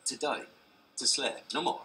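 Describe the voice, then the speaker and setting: A man playing a brooding young prince, speaking a classical soliloquy in Shakespearean original pronunciation with a West Country burr, in measured, rolling verse. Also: medium pitch, pushed and bright, recorded from a distance, soft background music, lightly acted, low-quality recording. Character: brooding young prince weighing life and death.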